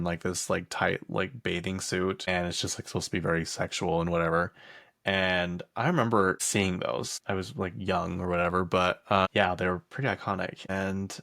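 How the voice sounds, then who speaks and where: A man's voice: sits low, gravelly, fairly bright tone, no room sound, studio quality. A young man hosting a casual pop culture chat, rambling along with plenty of fillers and laughs. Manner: rambling, chatty, laughs often, lots of fillers. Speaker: pop culture podcast host.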